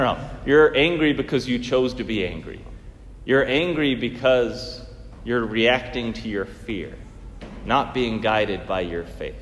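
A man's voice: a little high, long reverb tail. A man preaching a sermon in earnest tones, asking rhetorical questions and swinging his emphasis up and down.

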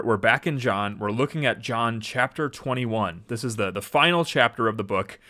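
A man's voice: lowish voice, bright, forceful tone. A man hosting a faith podcast, chatting loosely with many fillers and restarts, then reading a Bible passage aloud. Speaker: podcast host.

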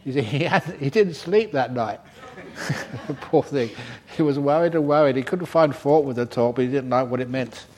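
A man's voice: medium pitch, normal speed, a little mellow. An older man, a Buddhist monk, giving a humorous dharma talk, teasing and laughing at his own stories at a retreat. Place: retreat centre hall.

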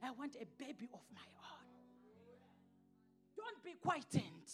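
High-pitched impassioned woman preacher. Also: very animated, slow, pauses often, faint music behind. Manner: impassioned preaching, shifting from shouts to hushed scripture reading. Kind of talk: sermon.

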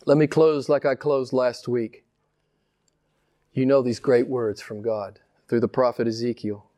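A man preaching a sermon with passion, firing rhetorical questions and swinging widely between slow, emphatic lines and quick ones. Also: little pitch movement, warm tone. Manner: impassioned preaching, rhetorical questions, big swings in pitch and pace. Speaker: pastor.

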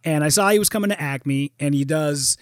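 A man with a high voice who spins his stories with energy and acts out every quote. He swears freely and the sound is dry and close. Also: fairly quick, no room sound. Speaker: guest. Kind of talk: casual podcast chat.

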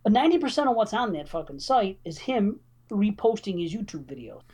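A man's voice: high voice, a little fast, husky. A man co-hosting a podcast, chatting casually and loosely with offhand swearing. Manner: relaxed, trails off, swears casually. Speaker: podcast co-host. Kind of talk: casual profane chat.

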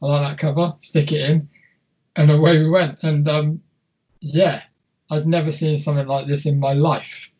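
A man's voice: fairly high pitch, level tone, moderate pace, dark tone, slightly rough, muffled recording. A young man co-hosting a casual film chat, rambling and swearing freely with many restarts. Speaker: podcast co-host.

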